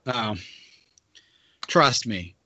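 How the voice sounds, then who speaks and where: A man in his thirties co-hosting a casual chat, relaxed and hesitant, trailing off with fillers, in a dull, muffled recording. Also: mid-range voice, extremely slow, no echo.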